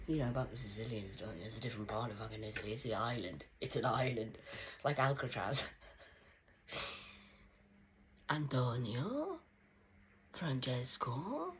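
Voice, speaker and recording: A woman's voice: a bass voice, expressive, unhurried, long pauses, a little hiss or hum. A middle-aged woman telling rambling personal stories in casual chat, swearing freely, laughing often and dropping into whispered asides. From United Kingdom. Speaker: vlogger.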